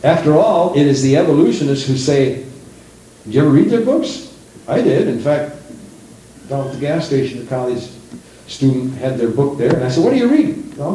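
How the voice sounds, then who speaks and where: A middle-aged man preaches in a very echoey church, his pitch swinging up and down as he drives each point home. His tone is mellow and dark, and he takes on other people's voices when he quotes them. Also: distant mic, slight background noise. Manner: animated preaching, acting out quoted voices, rising emphasis. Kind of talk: sermon. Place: church sanctuary.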